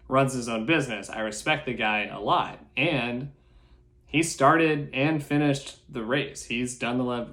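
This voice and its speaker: A man hosts a solo podcast, speaking slowly and deliberately at a mid-range pitch. He sounds earnest and a little nervous, pausing and restarting as he pokes fun at himself. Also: fairly bright tone. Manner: earnest, self-deprecating, halting. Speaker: podcast host.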